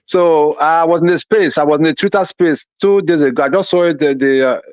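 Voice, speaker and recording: Animated high-voiced man calling in. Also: brisk, no room sound. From United States. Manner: animated, repetitive, voices others' reactions. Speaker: caller. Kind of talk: casual talk show call.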